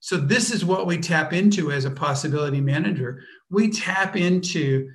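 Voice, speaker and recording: A man teaching a workshop off the cuff, speaking deliberately and searching for words with frequent restarts. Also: fairly high pitch. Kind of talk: unscripted workshop talk.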